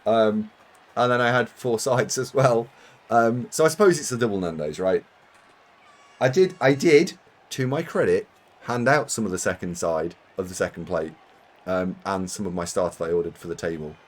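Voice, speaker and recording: A British man from the United Kingdom chats casually with his viewers while streaming a game. He rambles, makes fun of himself, and laughs often, speaking at normal speed in a lowish voice.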